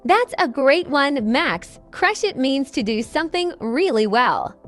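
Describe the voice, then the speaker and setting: A woman's voice: high voice, very animated, measured pace, soft background music. A woman co-hosting a scripted English lesson podcast, upbeat and explaining phrases with examples. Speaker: co-host and English teacher.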